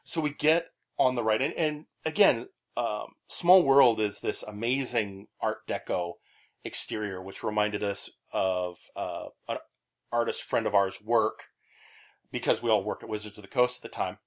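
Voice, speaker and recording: A man's voice: fairly low pitch, normal speed. A man hosting a podcast, telling stories casually with many fillers. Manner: animated storyteller, many "uh" fillers. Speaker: podcast host. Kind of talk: casual chat.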